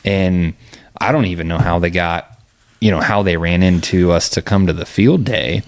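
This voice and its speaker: Low-voiced man telling stories. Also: moderate pace. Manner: storytelling, laughs often. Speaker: podcast host. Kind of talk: casual chat.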